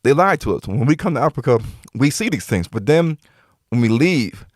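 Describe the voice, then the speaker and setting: This podcast guest speaks at medium pitch, very animated but at an ordinary pace, in a clean, dry studio recording. He's an emphatic storyteller who keeps repeating himself while replaying conversations, packing in quoted lines.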